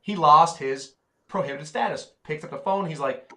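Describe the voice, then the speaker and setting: A man rants fast and loud in casual podcast talk. He swears constantly, and his voice sits a bit high as the words tumble out. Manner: profane, ranting, heavy swearing. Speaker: podcast co-host. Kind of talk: heated casual chat.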